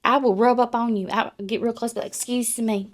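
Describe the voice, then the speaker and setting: A woman's voice: fairly high pitch, fairly even intonation, normal speed. A woman, co-hosting a podcast in casual, blunt, profane chat. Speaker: podcast co-host.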